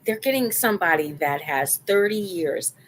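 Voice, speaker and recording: A woman's voice: fairly low pitch, animated, moderate pace, slight background noise. A middle-aged woman hosting a live-stream talk show, chatting casually and repeating phrases for emphasis.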